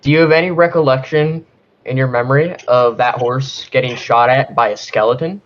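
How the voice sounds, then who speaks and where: A man's voice: medium pitch, fairly even intonation, moderate pace, slight background noise. Guy pleading his case in a joke trial, lots of ums, kinda muffled mic. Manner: hesitant, many "um" and "uh", tries formal phrasing. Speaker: defendant in a mock trial. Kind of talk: casual mock-courtroom defense. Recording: slightly dull lo-fi mic.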